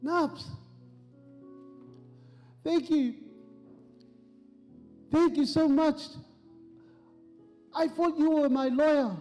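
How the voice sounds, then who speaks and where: A preacher doing a grateful prisoner, voice pitched up. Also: male voice, fairly even intonation, extremely slow, long pauses, dark tone, big-room sound, soft background music, heavily acted. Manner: tearful thanks, repeating himself. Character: overwhelmed grateful man in prison.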